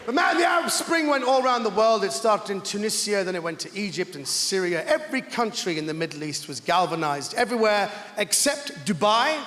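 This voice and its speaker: A man doing stand-up in a big theatre, his high voice swooping all over the place and breaking into shouts. The sound is roomy with long reverb, and a loud crowd laughs behind him. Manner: animated, bursts into shouts. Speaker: stand-up comedian. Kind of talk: stand-up comedy. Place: large theatre stage. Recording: echoey hall, crowd laughter.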